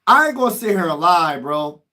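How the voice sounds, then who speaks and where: High-voiced excitable livestream host. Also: male voice, brisk. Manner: excitable, swings between muttering and shouting; slangy, talks straight to chat. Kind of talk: casual live-stream reaction commentary.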